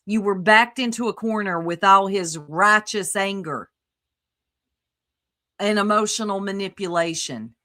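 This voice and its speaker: A woman co-hosts a livestream with a bright, forceful voice, giving blunt and sassy commentary. She swears freely and talks at an ordinary middle pitch. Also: a little slow. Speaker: stream co-host.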